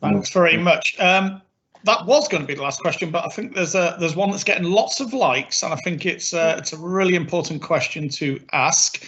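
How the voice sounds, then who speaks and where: Sex: man. Role: moderator. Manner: polite, brisk. Pitch: fairly high. Style: moderating audience questions. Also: fairly bright tone, slight background noise.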